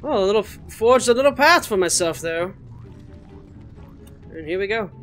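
Let's-play host, casual and jokey, swears freely and yells at critters; soft music bed. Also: medium pitch, normal speed. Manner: excitable, jokey and profane, talking to game creatures. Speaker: gaming channel host. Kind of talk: casual gameplay commentary.

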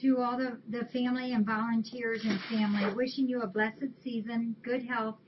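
A woman's voice: fairly high pitch, level tone, moderate pace, noisy background. Chatty woman reading cards, lo-fi. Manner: chatty, warm thanks, reading aloud. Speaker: shelter webcam host. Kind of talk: casual chat reading holiday cards. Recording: dull lo-fi webcam audio.

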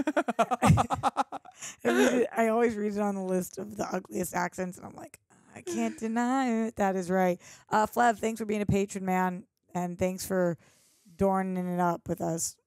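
A woman's voice: medium pitch, steady tone, moderate pace, darkish tone, dry recording. A woman from Boston co-hosting a movie reaction show, bantering playfully in casual chat.

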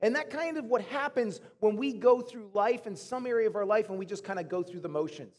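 A man in his thirties with a high voice preaches to his congregation in a church. He tells stories in an animated, chatty way. His voice carries a long, echoing reverb from the big hall. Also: fairly quick. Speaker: pastor. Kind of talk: sermon. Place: church auditorium.

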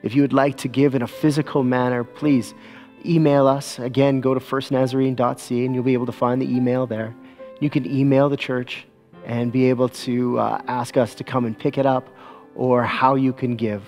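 Gentle-voiced pastor speaking slowly. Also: male voice, medium pitch, level tone, faint music behind. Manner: gentle, slow and soothing with children. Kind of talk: church service announcements and children's talk. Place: church.

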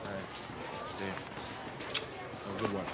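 A man's voice: deep voice, completely flat delivery, a little slow, very noisy. An actor playing a father in his forties who unloads crude swearing tirades, then backpedals defensively. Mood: hostile. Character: fortyish father losing his temper, crude. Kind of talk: film comedy acting.

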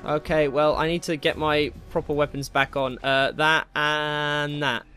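A man giving casual, excitable commentary while playing a game, swearing and taunting enemies. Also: a little high, unhurried, soft background music. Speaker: gameplay commentator.

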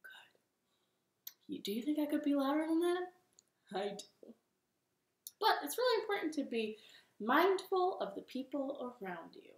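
A young woman in her living room leading a children's storytime, speaking in a gentle, encouraging way. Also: sits high, very animated, normal speed, pauses often. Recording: echoey home room with ukulele.

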